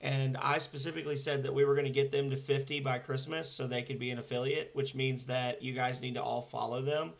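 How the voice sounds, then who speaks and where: A man hosting a casual gaming stream, chatting excitably and swearing casually. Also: medium pitch, brisk, gravelly, hardly any pauses.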